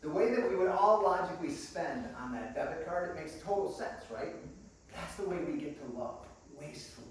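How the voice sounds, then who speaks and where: A man giving a sermon in a small church, telling stories and acting out the voices, swinging from quiet to loud. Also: a little high, lively intonation, fairly quick, slight background noise. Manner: storytelling, acts out dialogue, swings from quiet to loud. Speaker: guest preacher. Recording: echoey church room, mic at a distance.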